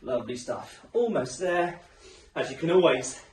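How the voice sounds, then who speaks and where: A man's voice: fairly high pitch, animated, normal speed, a little hiss or hum. A man leading a home workout class, upbeat and encouraging, a little out of breath as he goes. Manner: upbeat, encouraging, chatty coaching. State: slightly out of breath. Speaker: fitness instructor. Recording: echoey room, mic some distance away.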